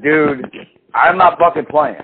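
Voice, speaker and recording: A man's voice: a little high, a little slow. Guy rambling through a story, swears constantly, does little voices for people, sounds tinny like a phone, faint hiss. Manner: animated storyteller, swears a lot, acts out quotes. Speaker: podcast co-host. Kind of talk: casual profane chat.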